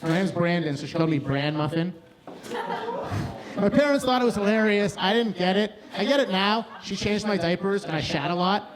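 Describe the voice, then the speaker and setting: A man's voice: high-pitched, lively intonation, brisk. A man performing a live stand-up set in a bar, rambling and crude, often cutting himself off mid-sentence. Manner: rambling, crude, self-interrupting. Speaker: stand-up comedian. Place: bar stage before a crowd. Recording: live bar with crowd noise. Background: audience laughter.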